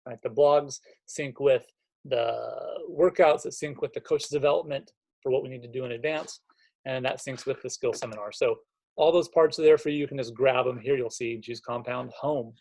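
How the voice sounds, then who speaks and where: A man's voice: mid-range voice, normal speed, dry recording. Fired-up man coaching gym owners. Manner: energetic, fired-up, conversational with frequent "right?". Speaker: fitness coach presenting programming. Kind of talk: screen-share walkthrough for gym owners.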